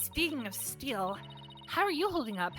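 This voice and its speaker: A woman voicing an upbeat, confident young woman lawyer in a game, reading her lines brightly. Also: sits high, very animated, moderate pace, faint music behind. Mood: cheerful.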